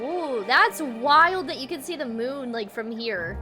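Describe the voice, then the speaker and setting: Bubbly high-voiced woman streamer. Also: animated, a little slow, hardly any pauses. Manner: bubbly, chatty with viewers. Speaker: game streamer. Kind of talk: casual gameplay commentary. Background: game music.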